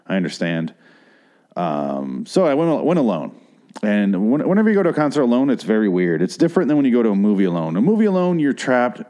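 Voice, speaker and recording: Low, mellow-voiced man rambling casually. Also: sing-song, fast talker. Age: 30s. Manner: rambling, profane and self-mocking. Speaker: podcast host. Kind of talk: casual solo podcast monologue. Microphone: studio mic through a mixer.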